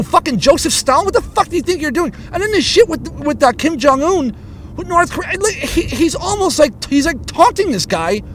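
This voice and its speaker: Guy with a really high voice ranting and cussing nonstop, tripping over his words, faint hum behind him. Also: fairly bright tone. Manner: heated, swears constantly, stammers and restarts. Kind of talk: casual profane rant.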